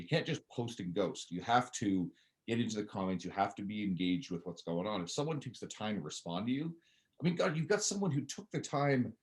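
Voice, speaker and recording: A man's voice: on the low side, darkish tone. A man in his forties with a Canadian accent, talking bluntly and animatedly as a guest in a casual podcast conversation. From Newfoundland, Canada. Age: 40s. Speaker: podcast guest, personal trainer.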